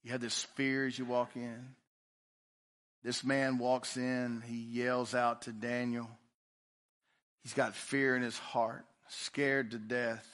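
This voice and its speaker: A man preaching a sermon in a church, reading scripture aloud and swinging between loud emphasis and quiet, drawn-out lines. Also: medium pitch, level tone. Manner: preaching with rising and falling intensity. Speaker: pastor.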